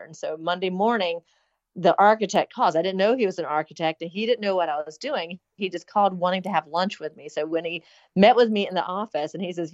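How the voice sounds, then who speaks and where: A woman's voice: fairly low pitch, brisk, a little mellow, no room sound. A middle-aged woman speaking as an interview guest in casual talk, earnest and rambling, with many fillers. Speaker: interview guest planning a hospital. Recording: dull lo-fi sound.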